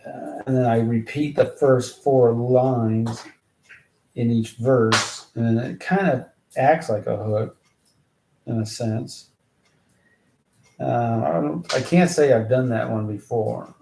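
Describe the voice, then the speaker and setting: Gravelly man musing aloud over lyrics. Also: medium pitch, darkish tone. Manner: musing, talks to himself in halting bursts. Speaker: rapper writing lyrics. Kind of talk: thinking aloud while songwriting. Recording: roomy echo, faint background noise.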